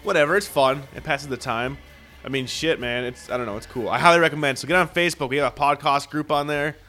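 A man's voice: mid-range voice, fast talker, sharp tone, faint music behind. A young man co-hosting a podcast, joking crudely and talking in a laid-back, casual way. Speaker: podcast co-host. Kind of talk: casual chat.

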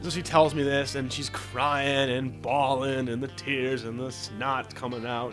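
Male podcast host with a mid-range voice; animated, profane, rambling storyteller over music. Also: mid-range voice, measured pace, few pauses. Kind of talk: casual storytelling.

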